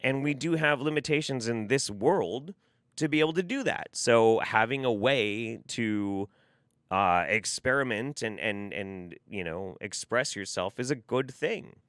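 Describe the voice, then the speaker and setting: A man's voice: mid-range voice, unhurried, fairly bright tone, clean tone, no echo. Exasperated, swearing commentary man, dry sound. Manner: profane, exasperated ranting. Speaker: commentary YouTuber. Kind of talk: reaction commentary.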